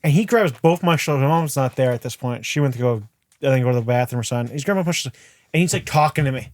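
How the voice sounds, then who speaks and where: A man's voice: mid-range voice, racing, no room sound. Young man telling crude stories. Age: young adult. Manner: crude, animated storytelling with heavy swearing. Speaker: podcast co-host. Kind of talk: casual chat.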